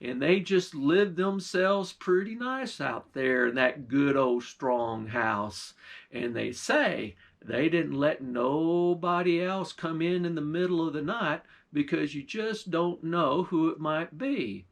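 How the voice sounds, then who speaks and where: Folksy pastor telling tales. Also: male voice, on the high side, takes it slowly, creaky. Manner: folksy, drawling country storyteller. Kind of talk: folktale storytelling.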